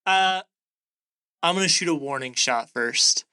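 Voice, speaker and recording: Hesitant man with a bright voice. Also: fairly high pitch, lively intonation, measured pace. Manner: hesitant, searching for words. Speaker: player. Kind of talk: tabletop role-play.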